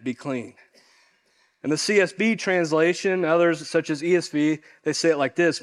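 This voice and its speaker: Man, pastor, sermon, high-pitched, earnest, softens at the end of points. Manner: earnest, repeats phrases for emphasis.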